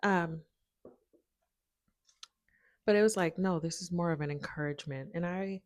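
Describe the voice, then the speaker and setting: A woman's voice: lowish voice, quick pace, a little mellow, no echo, studio quality. A woman chatting casually to a camera propped by her window at home, rambling, laughing often and talking to her dogs. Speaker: spiritual video creator.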